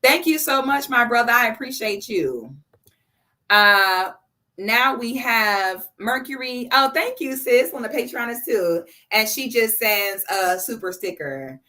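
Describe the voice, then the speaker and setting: A woman's voice: fairly high pitch, lively intonation, unhurried, sharp tone. A woman in her thirties hosting a casual live stream, effusive and chatty, reading out viewers' messages and thanking them by name. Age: 30s.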